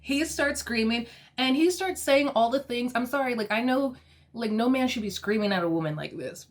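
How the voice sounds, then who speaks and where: A woman giving a casual, animated recap of a reality show episode, exasperated and often laughing. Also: on the high side, normal speed.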